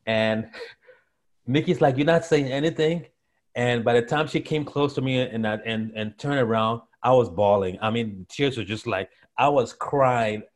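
A young man telling his story as a guest in an interview, acting out the voices of the people he quotes. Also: medium pitch. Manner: animated storyteller, acts out quotes.

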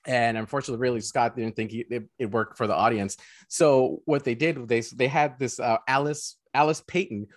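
A young man hosting a casual film review chat, lively and quick to laugh. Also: medium pitch, no echo, studio quality. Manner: laughs often, lively and chatty. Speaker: film review show host.

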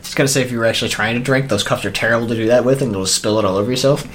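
A man's voice: mid-range voice, fairly even intonation, rapid-fire, fairly bright tone, slight background noise. A man co-hosting a casual podcast, making dry teasing remarks, mentally tired. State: mentally exhausted. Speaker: podcast co-host.

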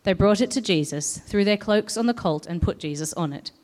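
A woman reading a scripture passage aloud in a measured, expressive way. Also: mid-range voice. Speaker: scripture reader. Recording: long hall reverb.

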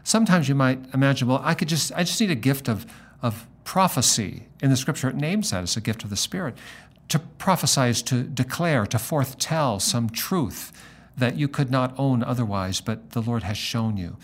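A middle-aged man, a pastor, talking in a relaxed conversation and telling a story, acting out the lines of the people in it. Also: mid-range voice, moderate pace. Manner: animated storyteller acting out dialogue. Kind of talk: conversational storytelling in a podcast interview.

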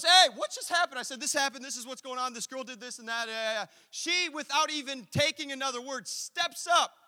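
A man preaching a sermon, telling a story with lively acted-out quotes and asides. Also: high voice, big-room sound. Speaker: pastor.

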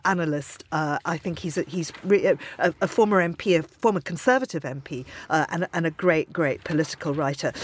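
A woman's voice: on the low side, husky. A woman hosting a radio newspaper review, chatty and teasing, with lots of fillers. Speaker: host. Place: radio studio.

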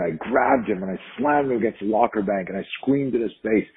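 A middle-aged man with a deep, very raspy voice tells stories from his years teaching self-defense. He speaks with energy, acting out what people said and often restarting his sentences. The recording sounds dull and lo-fi. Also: a little fast. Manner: animated, acts out quotes in stories, frequent restarts and swearing. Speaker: self-defense instructor, podcast guest. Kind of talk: conversational storytelling.

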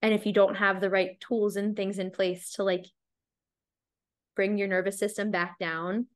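An American woman in her twenties hosts a casual podcast chat. She talks at a middling pitch, chatty and loose, full of fillers and easy laughs. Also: flat delivery, moderate pace. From United States. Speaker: podcast host.

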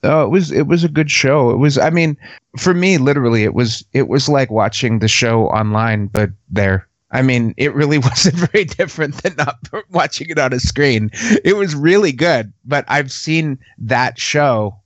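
Dude co-hosting a podcast, rambles and laughs, dry and kinda dull audio. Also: male voice, medium pitch, moderate pace, no room sound. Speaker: podcast co-host. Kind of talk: casual podcast chat.

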